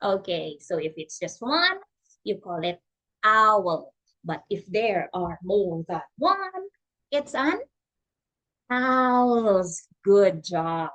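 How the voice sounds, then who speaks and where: A woman with a fairly low, very animated voice speaks slowly as she teaches English online to a young child. She is patient and encouraging, using exaggerated prompts in what sounds like a slow demo lesson for a young learner.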